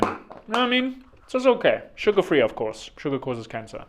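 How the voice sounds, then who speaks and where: A man's voice: medium pitch, big pitch swings, fairly quick, noisy background. A man hosting a podcast, talking in a rambling, chatty way with joking asides. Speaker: podcast host. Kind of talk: casual podcast monologue.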